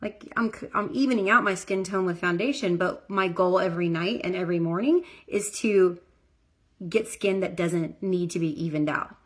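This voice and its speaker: A woman's voice: on the low side, moderate pace. A middle-aged woman, a makeup artist, chatting casually through a makeup tutorial, talking while she applies her makeup. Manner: chatty, self-deprecating, talks while applying makeup.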